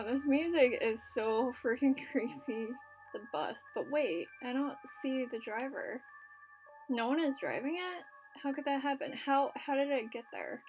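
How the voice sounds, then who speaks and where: A woman playing a story game, reading its narration aloud and reacting casually, with filler words and swearing. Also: a little high. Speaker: let's play gamer.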